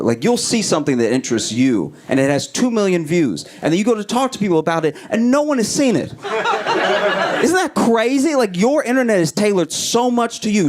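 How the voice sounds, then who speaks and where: Brief: higher-pitched male comedian, animated live club set, audience laughter clearly audible. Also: a little hiss or hum. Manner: animated storytelling, acting out voices, pitch swings up and down. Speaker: stand-up comedian.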